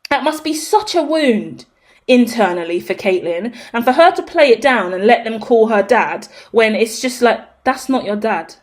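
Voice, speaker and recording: A woman with a high voice rants straight to camera in a casual vlog. She is emphatic and swears freely. Her delivery swings between loud outrage and low, muttered asides. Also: lively intonation, normal speed. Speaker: tarot reader reacting to celebrity news. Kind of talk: impassioned casual rant.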